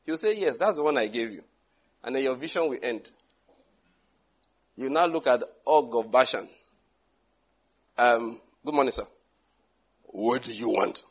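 A man's voice: mid-range voice, unhurried, pauses often, slightly rough. A man preaching a sermon, animatedly acting out scenes and dialogue. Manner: animated, acts out dialogue with shifting voices and laughs.

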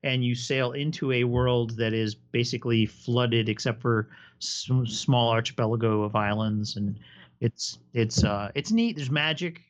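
An enthusiastic man in a casual podcast chat, explaining at length and spinning a story. His voice sits at an ordinary middle pitch. The recording is a bit dull and lo-fi. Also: unhurried. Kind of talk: casual chat about tabletop games.

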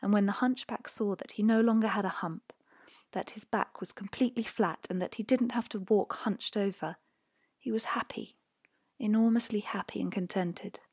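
A woman narrating a fairy tale in a hushed voice that often drops to a whisper. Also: medium pitch, fairly even intonation, normal speed, husky, no room sound, clean studio sound. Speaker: audiobook narrator. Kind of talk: storybook narration.

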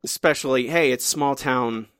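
Guy co-hosting a comics podcast, kinda halting, keeps restarting sentences, teasing, super dry sound. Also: mid-range voice, a bit bright, no room sound. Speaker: podcast co-host. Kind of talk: casual chat reviewing comics.

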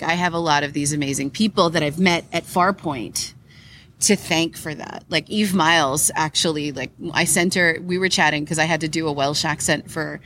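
An eager, chatty woman with a slightly low voice, talking on a live podcast at a convention. She rambles happily with fillers and little laughs. Faint convention noise sits underneath. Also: fairly bright tone. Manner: chatty and enthusiastic, giggly, frequent fillers. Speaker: podcast co-host. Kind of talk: casual chat recorded live at a convention. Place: convention hall behind a curtain.

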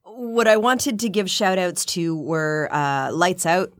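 A woman with a lowish voice that swings widely in pitch, trading jokes and curses with a friend on a podcast. The sound is dry and close, with no room around it. She talks while snacking on chips and sipping wine. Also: animated, slow pace, dry recording. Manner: swearing, laughing, joking. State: eating chips and drinking wine. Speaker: podcast co-host. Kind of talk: casual chat, bloopers.

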